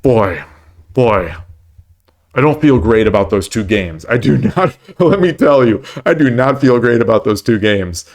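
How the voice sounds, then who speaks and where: A man with a mid-range, a little mellow voice and lively intonation talks a little slowly while streaming his online shogi play from home. His commentary is rambling and full of stammers and repeated words, and he jokes about how often he keeps losing.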